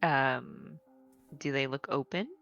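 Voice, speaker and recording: A woman playing a tabletop game, hesitant and soft-spoken. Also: a bass voice, slow, gravelly, dry recording, highs cut off, soft background music. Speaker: player.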